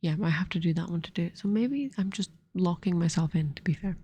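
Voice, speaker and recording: A woman host giving soft-spoken ASMR commentary over a card game, rambling to herself in a whisper close to the microphone. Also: fairly low pitch, fast, breathy edge. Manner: softly whispered, rambling self-talk. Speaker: ASMR gaming channel host.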